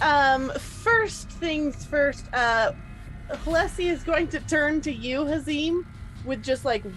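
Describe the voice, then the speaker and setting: A woman's voice: high voice, fairly bright tone. A woman playing a tabletop game, chatty with many fillers and laughs. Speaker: player. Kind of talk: casual tabletop game play.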